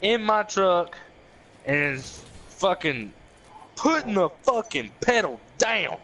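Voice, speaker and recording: A man's voice: sits high, slow pace, a little hiss or hum. A young man telling a profane, laughing story to friends in a casual chat. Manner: profane, laughing, animated retelling with quoted voices.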